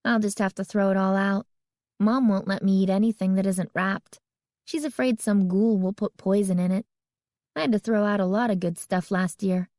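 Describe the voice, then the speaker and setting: A woman's voice: mid-range voice, steady tone, a little mellow, dry recording, clean studio sound, close to an everyday voice. A woman voicing a chatty young girl who teases with a slightly sarcastic edge. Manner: brisk, a bit sarcastic.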